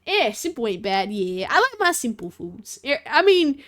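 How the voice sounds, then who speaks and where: A woman's voice: sits high, big pitch swings, measured pace, fairly bright tone. A young woman streaming, chatting casually with her viewers in a giggly, bubbly way and often talking about herself in the third person. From Australia. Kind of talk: casual stream chat reacting to chat.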